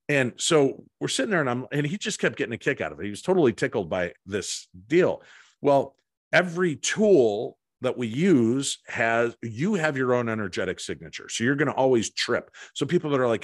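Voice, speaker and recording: A middle-aged man, a guest in a casual interview, telling an anecdote with animated delivery and acted-out voices. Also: medium pitch, a little fast, no echo, studio quality. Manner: animated anecdote-teller, acts out voices and lines. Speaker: guest, paranormal investigator.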